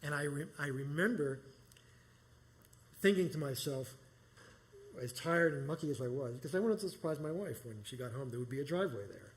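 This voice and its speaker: A man's voice: on the high side, animated, a little fast, long pauses. A middle-aged man from New York telling a personal story live, rambling and conversational with many restarts. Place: small performance space.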